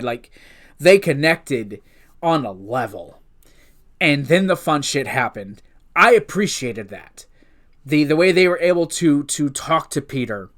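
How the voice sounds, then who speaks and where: Excitable man gushing in a movie review. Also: high-pitched, moderate pace. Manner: excitable, swears freely, gushing fan; rambling with restarts and filler. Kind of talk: casual unscripted review.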